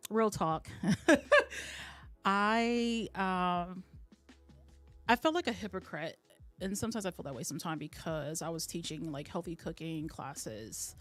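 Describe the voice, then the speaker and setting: A woman in her thirties, a chef, guest on an interview show, telling an emotional personal story in a casual, earnest way. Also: lowish voice.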